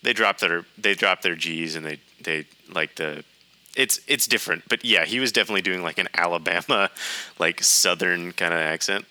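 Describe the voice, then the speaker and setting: A man's voice: low-pitched, normal speed, bright, forceful tone. A man co-hosting a casual movie review podcast, chatty and restarting his sentences often. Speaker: podcast co-host.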